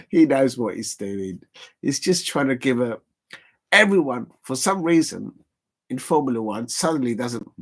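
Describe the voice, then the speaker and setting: A man's voice: mid-range voice, animated, a little slow, pauses often. A man hosting a casual live stream watch-along, rambling and chuckling as he chats to viewers.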